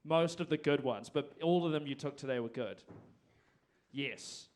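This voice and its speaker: A man with a medium-pitched, darkish voice at normal speed hosts a live music event from a performing arts venue stage. He talks into a handheld microphone in a rambling, self-deprecating way.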